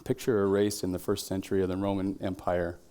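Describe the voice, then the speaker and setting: Male pastor, low-pitched, relaxed conversational sermon delivery with quiet moments. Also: fast. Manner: conversational preaching, drops to quiet tones, shouts quoted cheers. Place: church.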